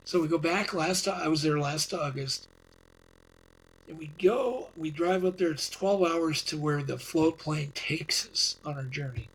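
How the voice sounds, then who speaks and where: A man's voice: on the high side, a little slow, a little hiss or hum, low-quality recording. A man, a guest on a podcast, telling a long story in a casual, rambling way, often restarting and repeating words.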